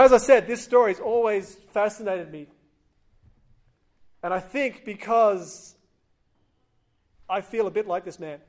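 A man giving a sermon, retelling a scripture story in a conversational way and acting out the voices of the people in it. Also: high voice. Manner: acts out quoted voices, conversational. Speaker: preacher.

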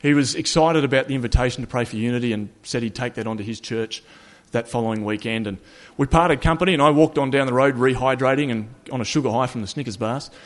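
A man's voice: mid-range voice, fast. A man in a mid-range voice recounts a long solo walk as a casual spoken story. He talks in an easy, conversational way, often correcting himself mid-sentence. His wry, self-mocking humor runs through the telling.

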